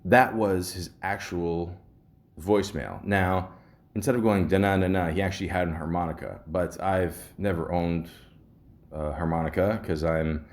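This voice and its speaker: A Canadian man in a loose, rambling podcast monologue, stumbling over restarts and fillers. His voice sits on the lower side, unhurried and relaxed. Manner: rambling, with many ums and restarts. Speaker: podcast host. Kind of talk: casual monologue.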